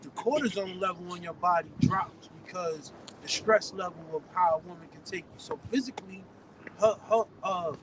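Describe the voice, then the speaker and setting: A man in a casual group chat who speaks haltingly with many pauses. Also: high-pitched. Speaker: discussion participant. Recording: distant mic with outdoor noise.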